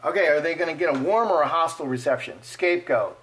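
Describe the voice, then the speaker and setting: A man giving casual fortune-telling commentary as he reads cards, animated and playful, acting out imagined speech. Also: fairly high pitch, fast, a little hiss or hum. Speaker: card reader.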